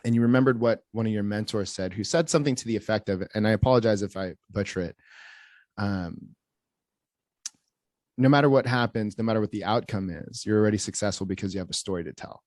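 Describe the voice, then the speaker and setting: A man's voice: fairly low pitch, fast, a little mellow, no echo, clean studio sound. A young adult man hosting a podcast, asking a long, hesitant question with restarts. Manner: searching, hesitant phrasing. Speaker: podcast host. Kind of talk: interview question.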